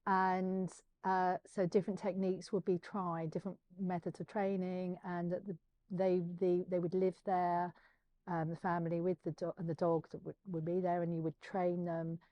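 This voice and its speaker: Low-voiced woman hosting an interview. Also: level tone, normal speed, highs cut off. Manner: hesitant, restarts while summarising. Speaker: podcast host. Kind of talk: interview questions.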